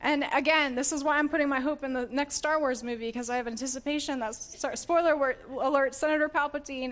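Woman preacher, earnest teaching tone, pitch on the higher side, warm scripture reading. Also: fairly even intonation, quick pace, hardly any pauses. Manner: earnest, laughs often, self-correcting restarts. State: getting emotional.

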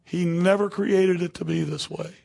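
A man's voice: high voice, steady tone, normal speed, creaky, a little mellow. A man preaching a sermon to a room of people, talking conversationally and checking in with "okay?" and "you know" as he goes.

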